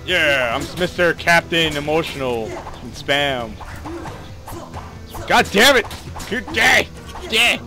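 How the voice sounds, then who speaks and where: Excitable young man yelling at a game. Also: a little high, slow, long pauses, music in the background. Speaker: gaming channel host. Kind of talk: casual gameplay commentary.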